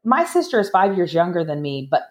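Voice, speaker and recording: A woman guest telling a personal story in a chatty way, with many restarts, acting out what people said in a higher voice. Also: brisk. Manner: animated, acts out quoted voices in a higher pitch. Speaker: podcast guest.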